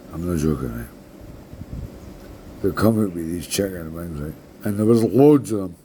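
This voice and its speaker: Slow, deep-voiced Scottish man in his sixties. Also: dark tone, slight background noise. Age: 60s. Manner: rambling, swears a lot, keeps adding "right?". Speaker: vlogger. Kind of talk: casual storytelling monologue.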